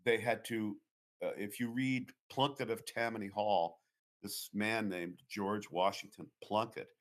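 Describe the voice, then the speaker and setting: A man from the Boston area, interviewed as a guest author, drifts from one long anecdote to the next. He speaks a little slowly in a fairly low, steady voice.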